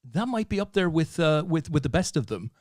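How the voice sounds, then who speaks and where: A man's voice: on the high side, very animated, fairly quick, a little mellow, dry recording, studio quality. A man hosting a casual poker show, joking and reading out viewer messages with many fillers. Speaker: host. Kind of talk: casual podcast chat.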